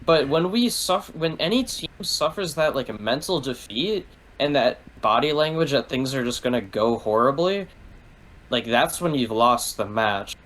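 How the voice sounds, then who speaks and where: A man's voice: medium pitch, animated, normal speed, fairly bright tone, low-quality recording. Rambling, swearing man in casual talk. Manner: rambling, heavy use of "like", swears freely.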